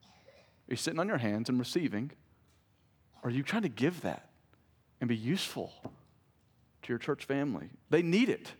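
A pastor preaching a sermon to his church, building to emphatic, rising peaks and then dropping to quiet intensity. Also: mid-range voice, very animated, moderate pace, long pauses, breathy edge. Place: church sanctuary.

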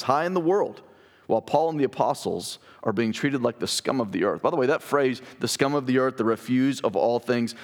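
A pastor with a mid-range voice reads scripture aloud during a sermon, then talks it through conversationally and asks the congregation questions.

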